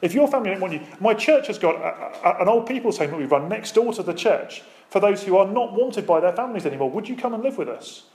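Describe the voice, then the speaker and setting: A man's voice: sits high, animated, fast talker, hardly any pauses, a little mellow. A man preaching a sermon as pastor, speaking with emphatic, rising and falling intensity and asking the congregation rhetorical questions.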